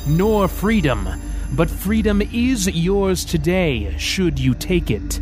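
Guy doing a grand solemn spirit voice, slow and raised, audiobook. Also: high voice, very animated, over music, pitched above the performer's own voice, exaggerated voice. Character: possessed boy speaking with a mighty, solemn voice. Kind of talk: audiobook character voice.

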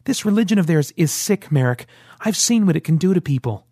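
A man reading an audiobook, voicing a young woman who argues, then pleads in fear, in a raised emotional pitch. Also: animated, brisk, mellow, dry recording, studio quality. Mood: bitter, pleading.

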